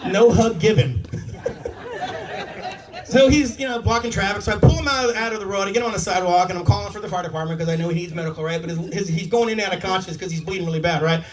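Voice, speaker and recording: A man performing a stand-up comedy set, telling animated stories and laughing at his own jokes. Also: high-pitched, fast talker. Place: comedy club stage. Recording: live room mic, distant, with audience. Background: audience laughter.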